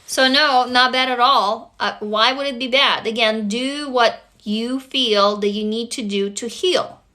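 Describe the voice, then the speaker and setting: Blunt, forceful woman hosting a livestream. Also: fairly high pitch, measured pace. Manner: blunt and profane, emphatic. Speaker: livestream host answering viewers. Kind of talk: casual livestream chat.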